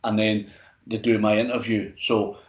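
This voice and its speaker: A man's voice: fairly low pitch, level tone, moderate pace, reverberant, lo-fi sound. A Scottish man interviewing a guest in a casual, swearing, stop-start chat. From Scotland. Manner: swears freely, stumbles and restarts.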